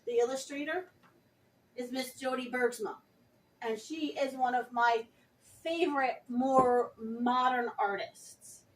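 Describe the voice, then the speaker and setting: A woman vlogger reviewing a book speaks earnestly and emphatically straight to her viewers, full of passion. Her voice sits high with a steady tone and slow pace, recorded from a distance on a rough recording.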